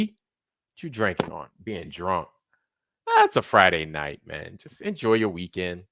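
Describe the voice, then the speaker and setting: A man's voice: low-pitched, animated, a little slow, fairly bright tone, no echo, clean studio sound. A man hosting a late-night livestream, rambling casually and profanely while answering viewers in the chat. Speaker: livestream host.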